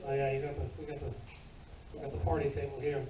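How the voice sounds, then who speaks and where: A man with a Southern US accent doing a crude stand-up comedy set on a comedy club stage, drawling his punchlines loudly. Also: mid-range voice, monotone, quick pace, noisy background. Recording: distant, roomy, dull club recording.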